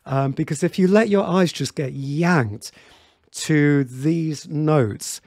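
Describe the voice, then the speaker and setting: Chatty male piano teacher, mellow voice. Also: on the high side, takes it slowly, no room sound, studio quality. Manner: chatty, many fillers and restarts, counts beats aloud. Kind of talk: online piano tutorial.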